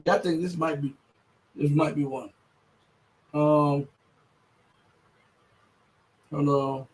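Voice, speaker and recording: A man hosting a livestream, giving casual political commentary in a rambling, emphatic way, breaking into loud outbursts and muttering while he searches online. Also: a little high, steady tone, extremely slow, rough recording. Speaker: livestream host.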